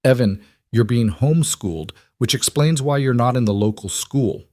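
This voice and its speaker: A man voicing a protective single father who speaks calmly and firmly. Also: mid-range voice, moderate pace, no room sound, clean studio sound, pitched above the performer's own voice, natural voice. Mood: steady. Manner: calm, firm.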